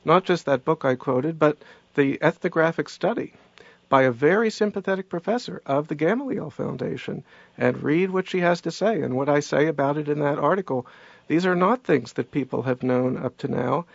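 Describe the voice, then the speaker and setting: Radio guest: raised-pitch man, gravelly and insistent, dry muffled sound. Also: lively intonation, normal speed, dry recording. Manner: insistent, argumentative. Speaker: author guest. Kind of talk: radio interview.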